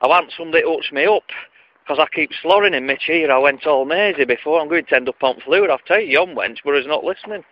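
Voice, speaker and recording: A man's voice: on the high side, quick pace, no echo, lo-fi sound, pitched above the performer's own voice, natural voice. Man putting on a grumbling old Wigan patient. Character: elderly male hospital patient, muddled and grumbling.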